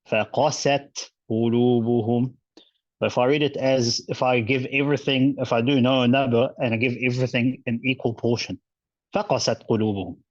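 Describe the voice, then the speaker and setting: A male teacher explaining recitation rules in a casual online class, relaxed and chatty with many fillers and restarts. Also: medium pitch, dry recording, muffled recording.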